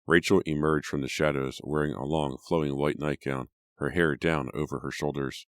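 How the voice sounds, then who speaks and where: Very deep-voiced male audiobook narrator. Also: fairly even intonation, no room sound, clean studio sound. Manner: measured storytelling. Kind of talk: scripted narration.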